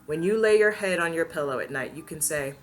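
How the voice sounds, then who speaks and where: A woman vlogger hosting her own channel, telling a personal story to camera in a casual, expressive way, laughing often and acting out what people said. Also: sits low, fairly quick, soft background music.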